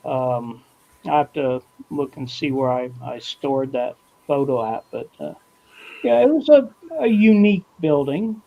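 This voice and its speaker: A man chatting casually on a video call, relaxed and rambling. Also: medium pitch, measured pace, gravelly, lo-fi sound. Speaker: guest. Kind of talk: casual chat.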